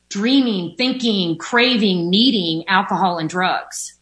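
A woman's voice: mid-range voice, lively intonation, slow, fairly bright tone. A woman speaking candidly about her recovery from addiction, at home by a window, with many fillers and an occasional swear word. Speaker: recovering alcoholic sharing her story. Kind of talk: personal recovery testimony.

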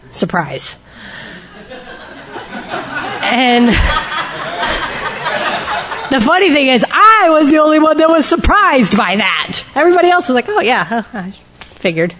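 A woman's voice: high voice, big pitch swings, takes it slowly, long pauses, background noise. A woman speaking candidly and emotionally to a recovery group, sharing her personal testimony and shifting her pace for emphasis.

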